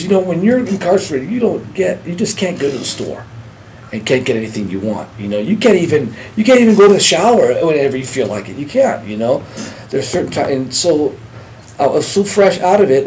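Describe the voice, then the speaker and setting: A middle-aged man speaks in a mid-range voice, sharing his own story as personal testimony. He talks in a halting, earnest way, stumbling over words and starting sentences again. A faint hiss sits under the voice. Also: medium pitch, a little mellow, poor audio. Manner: halting, repeats words and restarts.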